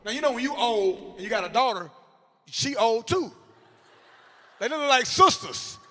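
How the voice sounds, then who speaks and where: A man in his forties delivers a comedic talk to a crowd of teachers, full of animated storytelling and sudden shouted bursts. His voice sits very high and sounds bright and forceful. A long hall reverb trails behind each line. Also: normal speed. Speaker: motivational comedic speaker. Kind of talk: comedic keynote to educators. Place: large hall before a live audience.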